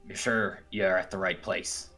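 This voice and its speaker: A man doing a gruff old pirate-voiced dwarf baker. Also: low-pitched, little pitch movement, sharp tone, faint music behind, heavily acted. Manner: pirate-style drawl, halting.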